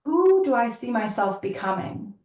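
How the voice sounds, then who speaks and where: A woman's voice: a little high, sing-song, normal speed, a little mellow. A woman yoga teacher giving an earnest, chatty reflective talk, laughing often and full of likes and you-knows. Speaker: yoga teacher and podcast host. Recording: roomy, from a distance.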